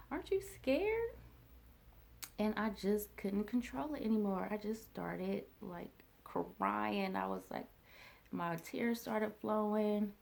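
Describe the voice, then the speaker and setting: A woman vlogger telling a personal story in a reflective, halting way, with many fillers and restarts. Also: lowish voice, creaky, darkish tone.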